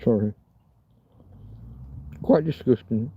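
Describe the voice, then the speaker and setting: A man's voice: medium pitch, unhurried, vocal fry, pauses often, slightly rough. A man chatting on a rambling, casual livestream from a field, crude and swearing as he jokes around. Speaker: livestreamer cooking outdoors. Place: outdoors in a field. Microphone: phone. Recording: dull lo-fi phone audio.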